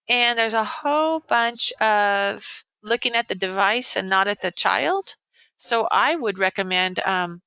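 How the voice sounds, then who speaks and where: A woman's voice: mid-range voice, sharp tone, dry recording, poor audio. A woman in her sixties, a veteran educator, giving parenting advice in a casual interview, earnest and rambling with many restarts. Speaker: veteran educator, podcast guest.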